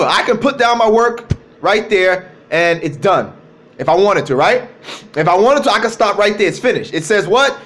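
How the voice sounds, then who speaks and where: A man's voice: sits high, animated, fairly bright tone. Emphatic man preaching over a phone. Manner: emphatic, repeats key phrases, slows to stress words. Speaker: religious speaker. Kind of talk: livestreamed religious talk. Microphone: cell phone.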